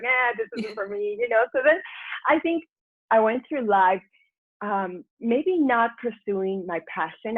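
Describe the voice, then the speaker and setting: A woman's voice: medium pitch, dry recording. A woman guest, a personal transformation mentor, telling her life story in a chatty way, often laughing and acting out her own past thoughts. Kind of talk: candid storytelling interview. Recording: dry phone-like line.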